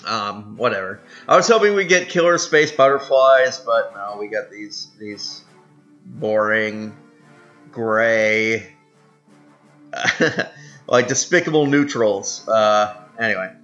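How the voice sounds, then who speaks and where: A man's voice: fairly low pitch, slow, long pauses, fairly bright tone, dull audio, soft background music. Rambling man commenting on a strategy game. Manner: rambling, many fillers and restarts, self-mocking. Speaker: gaming video host.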